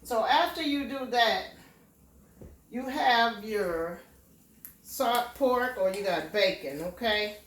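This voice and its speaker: A woman's voice: a little high, takes it slowly, pauses often, a bit bright, distant mic. A woman giving a casual home cooking demonstration, walking through each step in a homey way and often checking in with "okay?". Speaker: home cook. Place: home kitchen. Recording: echoey kitchen, voice from away from the mic.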